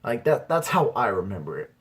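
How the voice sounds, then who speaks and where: His mid-range voice swings widely in pitch, sounds slightly rough, and moves fairly quickly. He's a young adult amateur comedian rambling through a personal stand-up story, leaning on the word "dude" again and again.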